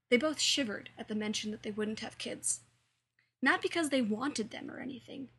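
A woman's voice: on the high side, moderate pace, gravelly, fairly bright tone, slightly rough. A woman with a light, playful manner, narrating her own short story. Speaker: fan fiction reader and author.

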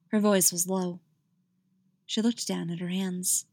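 A woman's voice: medium pitch, unhurried, gravelly, no echo, studio quality. A woman reading a story aloud, then chatting with many fillers about it. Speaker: story reader.

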